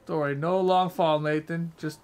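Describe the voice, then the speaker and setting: A man's voice: fairly high pitch, fairly even intonation, normal speed, clear, resonant tone. A young man streaming a game, rambling casually and swearing while chatting with his viewers. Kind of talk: casual gameplay commentary.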